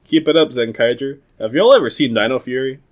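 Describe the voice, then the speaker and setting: A man's voice: mid-range voice, lively intonation, fairly quick, lo-fi sound. A young man co-hosting a podcast, casually recapping an episode in a rambling, laughing way, swearing and acting out quoted lines. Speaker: podcast co-host.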